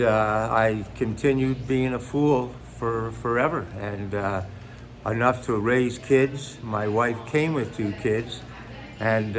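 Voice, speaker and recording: A man's voice: mid-range voice, fairly bright tone, slight background noise. An older man, a stand-up comedian, chatting casually and jokily in an interview, rambling with many asides. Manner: rambling, jokey, full of fillers and asides.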